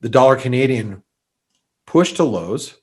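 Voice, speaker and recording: Hosting a loose, unscripted market webinar, a man with a medium-pitched, breathy voice speaks animatedly but a little slowly. He uses many fillers and restarts, and allergies have him sneezy and somewhat stuffed up.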